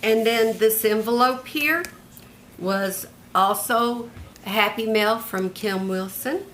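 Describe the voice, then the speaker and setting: A woman's voice: a little high, slow, fairly bright tone, a little hiss or hum. An older retired woman showing off a handmade journal in a homey, chatty show-and-tell, describing each piece one by one. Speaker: craft vlogger.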